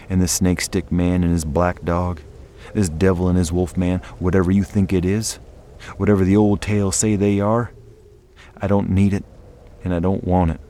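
A man's voice: deep voice, warm tone, a little hiss or hum, close to an everyday voice. A man voicing a bitter war veteran moonshiner who talks in raised, pained outbursts. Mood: weary.

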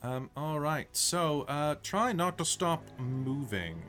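Young man, game master, tabletop game narration, relaxed, rambling, lively pitch. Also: takes it slowly, faint music behind. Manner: relaxed, rambling, self-mocking.

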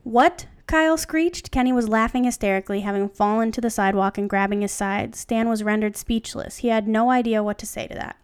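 A woman's voice: medium pitch, little pitch movement, fast, hardly any pauses, clear, resonant tone. A young woman co-hosting a podcast, reading a fan story aloud and wryly commenting between passages. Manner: wry, reads narration then comments. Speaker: podcast co-host.

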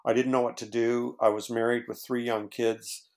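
Man, gravelly voice, former pastor, earnest, halting, conversational storytelling. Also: mid-range voice, little pitch movement. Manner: earnest, halting, many fillers and restarts.

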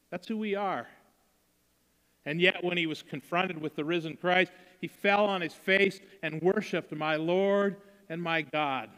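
A man's voice: sits high, steady tone, measured pace, a bit bright, long reverb tail. A man preaching a conversational sermon to his congregation, acting out the quotes he reads. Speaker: pastor.

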